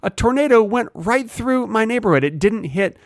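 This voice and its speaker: Animated, high-pitched man, teasing co-host. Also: normal speed, no room sound, clean studio sound. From Texas. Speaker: podcast co-host. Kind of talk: casual comedic chat.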